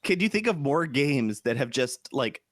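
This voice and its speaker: A man co-hosting a podcast in casual chat, animated and jokey. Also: medium pitch, moderate pace, no echo, studio quality. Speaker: podcast co-host.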